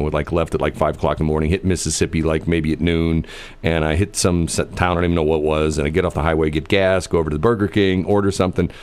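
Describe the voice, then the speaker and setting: A man's voice: low voice, a little mellow. A middle-aged man from the American Midwest chatting casually, rambling through stories with many fillers and restarts.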